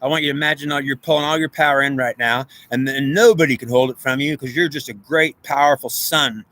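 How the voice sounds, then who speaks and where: A man's voice: medium pitch, fast talker, bright, forceful tone, no room sound. A man in an unscripted monologue, rambling in a stream of consciousness and arguing back and forth with himself. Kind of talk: guided visualization.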